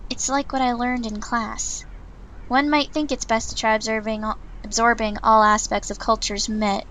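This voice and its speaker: A woman's voice: a little high, flat delivery, moderate pace, a bit bright, slight background noise, natural voice, poor audio. Woman reading as a prim, stubborn young trainee. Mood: indignant. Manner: indignant, earnest narration in first person. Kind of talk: reading a visual novel aloud.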